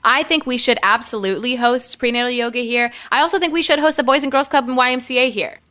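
Woman doing awkward, flustered young assistant, bright and forceful, lots of restarts, improv comedy. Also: on the high side, fast talker. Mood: exasperated. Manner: hesitant, awkward, many restarts, giggly. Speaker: podcast host.

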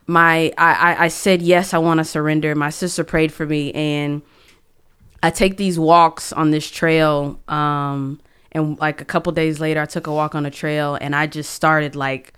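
A young woman with a low, smooth, clear voice tells a deeply personal story as a guest on a conversation podcast. She speaks earnestly and with feeling, trailing off, restarting phrases and searching for her words. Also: a bit bright. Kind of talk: conversational testimony.

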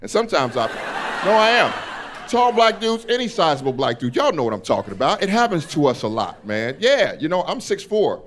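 A man performing a stand-up comedy set on a club stage, animated and acting out characters. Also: medium pitch, fast talker, hardly any pauses.

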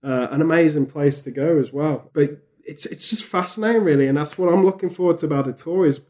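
A man chatting on a podcast, rambling and animated, with frequent restarts. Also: a little high, fast talker. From England. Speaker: podcast host. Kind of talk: casual podcast chat.

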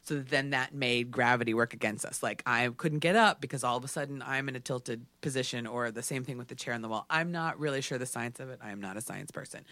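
Animated man telling a wild story. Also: medium pitch, fast, few pauses, no room sound. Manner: animated, filler-heavy with frequent "like". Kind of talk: casual storytelling chat.

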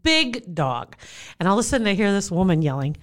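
A woman in casual chat, telling a story in an animated way and laughing often. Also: mid-range voice, fairly quick.

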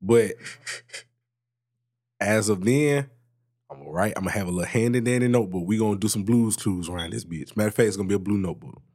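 A man co-hosting a podcast, telling a story about work in a casual, swearing, animated way. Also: quick pace, pauses often. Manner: animated storytelling, swears freely, jumps high in pitch when excited. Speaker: podcast co-host. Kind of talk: casual chat.

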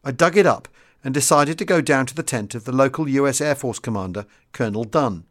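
A man reading a wartime memoir aloud in a measured, formal first-person narration, as the host of his own audiobook series. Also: medium pitch. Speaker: audiobook reader and podcast host.

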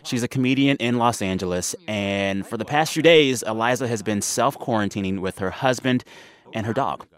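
A man's voice: on the low side, normal speed. A man hosting a radio show, chatting casually with a guest in a playful, upbeat way and laughing easily. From Texas. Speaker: radio host.

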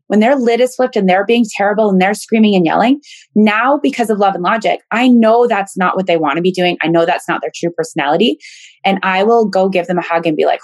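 A woman telling candid, animated personal stories in a casual podcast conversation. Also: mid-range voice, a little fast, dry recording.

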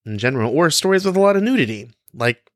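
A man's voice: fairly high pitch, very animated, fast, dry recording. Cheeky young male podcast host. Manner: cheeky, playful, laughs often, many fillers. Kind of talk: casual solo podcast talk.

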